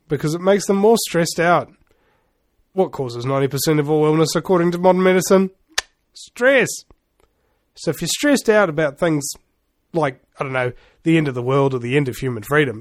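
A man talks in a rambling, sardonic monologue. His voice sits high and leaps around in pitch, playing every line for effect. The sound is dry and close. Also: no room sound. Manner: sardonic, theatrical, laughs at his own lines. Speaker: commentator.

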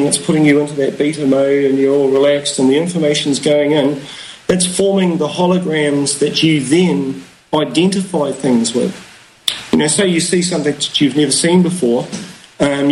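A man's voice: a little high, darkish tone, slight background noise, low-quality recording. A man, a guest talking in a rambling, philosophical way with many fillers. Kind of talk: casual conversation.

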